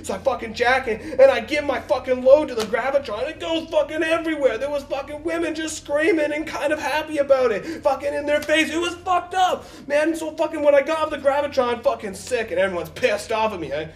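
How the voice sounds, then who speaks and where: An actor playing a high-voiced, profane young rambler. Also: male voice, brisk, hardly any pauses, distant mic. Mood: excited. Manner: profane, rambling, excitable, bursts into shouting. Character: crude, rambling young man boasting a wild story. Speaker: man telling a crude story in a doctor's office. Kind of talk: comedy sketch acting. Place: doctor's office, indoors.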